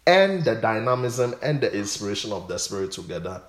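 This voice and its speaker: Pastor, male, low voice, teaching Bible study; often repeats himself, then surges with emphasis. Roomy recording. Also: brisk. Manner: repeats words, rises to emphatic bursts.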